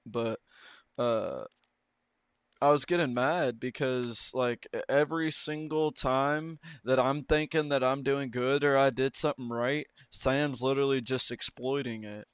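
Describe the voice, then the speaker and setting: A man's voice: medium pitch, fairly even intonation, measured pace, smooth, no echo. A man telling a casual, rambling story about a game match, swearing often and restarting sentences. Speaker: gaming video creator.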